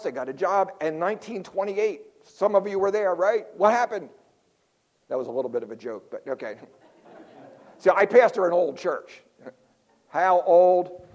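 A male pastor from South Philadelphia, preaching a sermon with jokes and stories and throwing quick asides to the congregation. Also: sits high. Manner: animated storyteller, quick asides to the crowd.

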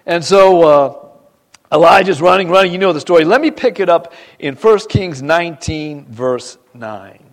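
Expressive male preacher, higher voice. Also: normal speed. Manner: dramatic reading of scripture, swinging loud and soft. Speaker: pastor. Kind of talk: sermon.

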